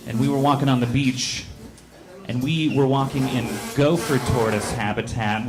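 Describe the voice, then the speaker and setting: A man performing a stand-up comedy set on a club stage into a handheld mic, telling stories deadpan and acting out the voices of the people in them. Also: mid-range voice. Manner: deadpan storytelling with acted-out voices.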